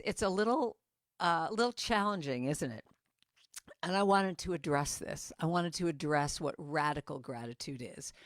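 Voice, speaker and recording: A woman's voice: mid-range voice, dry recording, studio quality. A woman singing a comic song and then giving a chatty, playful spiritual talk to a congregation, asking them questions. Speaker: guest singer-songwriter and speaker. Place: church service. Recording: loud band music under the voice. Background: backing music while she sings.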